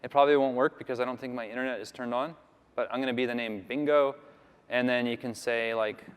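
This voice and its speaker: Speaking quickly with fairly even intonation, a Canadian man's medium, clear and resonant voice carries a rambling conference talk that includes a live demo. He's chatty and full of fillers, and the big hall gives the sound a long reverb.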